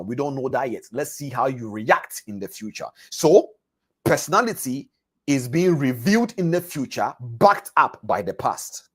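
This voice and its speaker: A man's voice: mid-range voice, big pitch swings, moderate pace, fairly bright tone, slightly rough. A man coaching traders in a live online masterclass, talking straight to his listeners, repeating words and phrases for emphasis and asking them questions as he goes. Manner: addresses listeners directly with questions. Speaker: trading coach.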